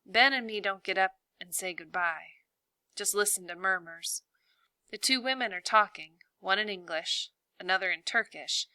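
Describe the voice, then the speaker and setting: A woman teacher reading a novel aloud to her class in a slow, deliberate way. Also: mid-range voice, pushed and bright, no room sound.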